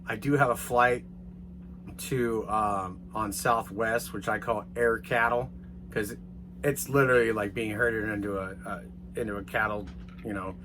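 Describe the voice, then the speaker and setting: A man telling a rambling, casual story to his viewers, swearing now and then and getting animated as he retells it. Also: on the low side, background noise. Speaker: vlogger.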